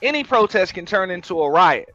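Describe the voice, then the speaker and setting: A man's voice: sits high, very animated, fairly quick, pushed and bright, dry recording, soft background music. A man hosting a show, giving a blunt, profane, emphatic rant in casual talk. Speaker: host. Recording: dull lo-fi, dry sound.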